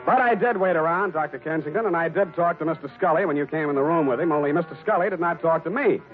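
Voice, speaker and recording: A man's voice: on the high side, fast talker, over music, close to an everyday voice. An actor playing a wisecracking private eye who narrates his case in a 1940s radio drama, with dry, wry delivery. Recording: tinny old radio broadcast.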